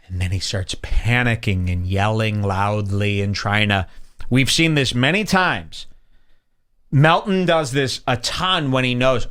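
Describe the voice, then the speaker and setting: Male podcast host, lively pitch, mocking commentary. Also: a little slow, clean tone. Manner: scornful, animated storytelling. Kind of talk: casual commentary over clips.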